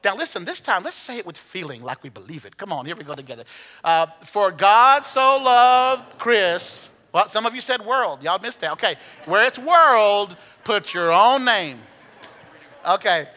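A man's voice: high voice, sing-song, brisk, hardly any pauses, sharp tone, long reverb tail. A male pastor preaching a sermon, playful as he leads the congregation through Bible verses from the platform. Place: church sanctuary.

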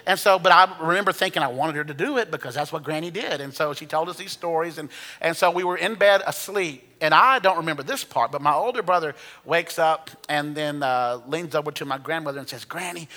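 Bright-voiced preacher in a hall. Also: male voice, a little high, a little fast. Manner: storytelling with humor, conversational. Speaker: pastor. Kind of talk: sermon.

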